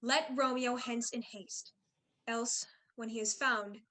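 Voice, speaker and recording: A woman's voice: on the high side, fairly even intonation, slow, a bit bright. A woman playing a stern, commanding prince in a video-call staged reading.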